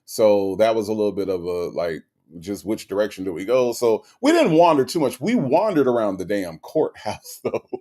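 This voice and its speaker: A low-pitched man hosts a casual livestream and greets his viewers one by one. His voice is lively and rises and falls a lot. He drifts between relaxed mumbling and loud, punchy outbursts. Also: normal speed. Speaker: livestream host. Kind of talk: casual livestream chat reading viewer comments.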